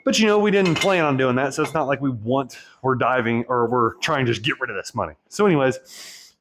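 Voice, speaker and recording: A man speaks at an ordinary middle pitch, working through his thoughts aloud. His talk rambles and circles back on itself, blunt and profane, as he coaches divorced men from his own experience. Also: fairly quick, noisy background. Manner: rambling, profane, self-reflective. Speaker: divorce coach and channel host. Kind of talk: candid personal monologue.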